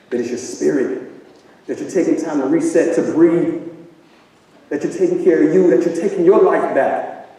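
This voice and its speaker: A man's voice: medium pitch, mellow. A man giving a motivational talk to a live audience in a large hall, firing rhetorical questions at the crowd. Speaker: event speaker. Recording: echoey hall from far off.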